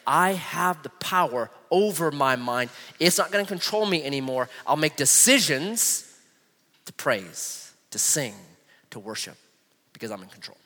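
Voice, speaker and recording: A man preaching a sermon as pastor, animated, reading scripture aloud slowly. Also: fairly high pitch. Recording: long hall reverb.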